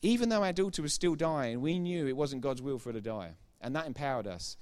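A man's voice: medium pitch, animated, fairly quick, clear, resonant tone. Man preaching his personal testimony. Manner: retells dialogue with repeated "I said, he said"; grows loud and emphatic when preaching. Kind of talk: sermon testimony.

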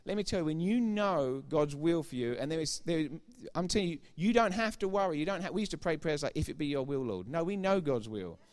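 A man giving a sermon testimony as a preacher, retelling conversations line by line and growing loud and emphatic when he preaches. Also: a little high, lively intonation, a little fast, few pauses. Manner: retells dialogue with repeated "I said, he said".

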